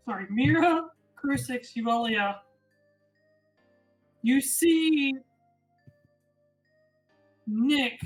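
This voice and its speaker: Unhurried woman running a tabletop game. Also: on the high side. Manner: unhurried, pausing to find words. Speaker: game master.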